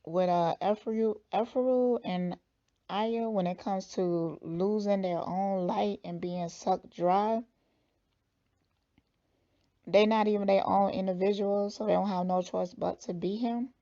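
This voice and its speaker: Woman commentator, unhurried and blunt, husky fry, dark tone, dull recording. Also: medium pitch, fairly even intonation. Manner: slow, thoughtful, blunt judgements. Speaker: spiritual reader reacting to a clip. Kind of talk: casual commentary.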